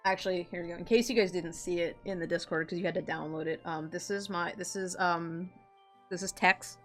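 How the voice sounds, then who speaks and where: A woman's voice: fairly low pitch, fairly even intonation, fairly quick, a bit bright, soft background music. A woman chatting casually while she draws, rambling and giggling, with lots of filler words. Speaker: artist chatting while drawing. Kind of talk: casual chat.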